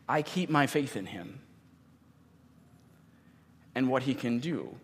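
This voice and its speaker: A man in his thirties, a pastor giving a sermon in an earnest, halting way with many pauses. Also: medium pitch, animated, long reverb tail.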